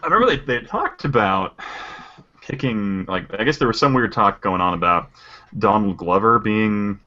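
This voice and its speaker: A man co-hosting a podcast jokes in an animated way. His voice is lowish but bright and forceful. The audio is dull and lo-fi. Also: normal speed. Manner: laughing, joking, animated. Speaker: podcast co-host. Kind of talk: casual chat.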